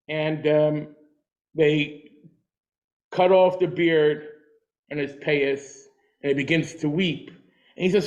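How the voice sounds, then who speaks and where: High-voiced male teacher telling stories. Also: slow, darkish tone, poor audio. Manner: storytelling with jokes and acted quotes; repeats and restarts words. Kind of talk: lecture.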